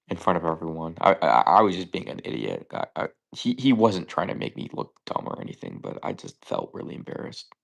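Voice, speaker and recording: A man's voice: deep voice, vocal fry, a bit bright. A young man hosting a live trivia stream, thinking aloud in casual chat and often stammering and correcting himself.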